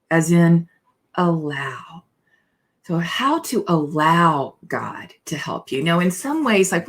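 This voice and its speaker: Woman pastor, lowish voice, rambly friendly talk, lots of "you know, right?". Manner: chatty, digressive, frequent "you know" and "right?"; reads aloud from a book with asides. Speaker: minister. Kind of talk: conversational online spiritual talk.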